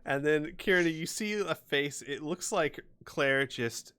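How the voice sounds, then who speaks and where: A man's voice: fairly high pitch, measured pace, clear, resonant tone. A man running a tabletop game as game master, narrating scenes and laughing often. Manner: laughing often, lively delivery.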